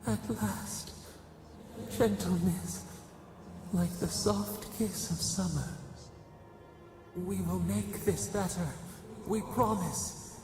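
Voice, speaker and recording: A slow, gravelly ancient god. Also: male voice, high voice, full character voice. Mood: pleading. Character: ancient imprisoned godlike being, sorrowful and vengeful. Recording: game audio, reverberant, music behind.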